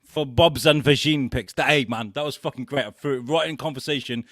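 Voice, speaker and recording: A man's voice: mid-range voice, brisk, fairly bright tone, no room sound, clean studio sound. A man co-hosting a comedy podcast, bantering crudely and joking around. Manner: crude, jokey, puts on silly voices. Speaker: co-host.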